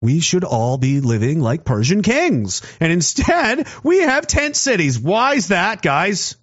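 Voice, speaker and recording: A man's voice: sits high, very animated, a little slow, a bit bright, breathy edge. A man in a heated, profane, sarcastic political rant. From Canada. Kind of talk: angry political rant to camera. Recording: dull lo-fi audio.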